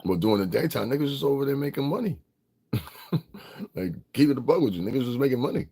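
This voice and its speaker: A man's voice: medium pitch, expressive, fast talker, warm tone, slightly rough. A middle-aged man from Connecticut, ranting bluntly and profanely in a casual livestream, laughing often. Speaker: vlogger.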